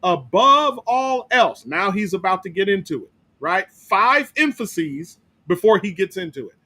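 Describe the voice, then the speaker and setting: A man's voice: sits high, expressive, normal speed, bright, forceful tone, slightly rough. A man pastor teaching a Bible study, emphatic and repetitive, often asking "right?" to his listeners. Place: church.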